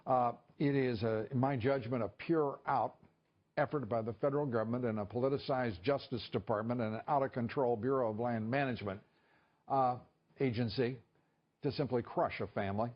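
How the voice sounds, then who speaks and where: A male television host delivers opinionated news commentary in a mid-pitched voice, pausing with occasional fillers. The broadcast audio sounds dull and lo-fi.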